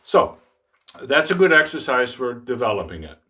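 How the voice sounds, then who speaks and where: A middle-aged man teaching trombone tonguing in a relaxed, self-deprecating way, speaking out the articulation syllables as he explains them. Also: mid-range voice, moderate pace. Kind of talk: instructional demonstration.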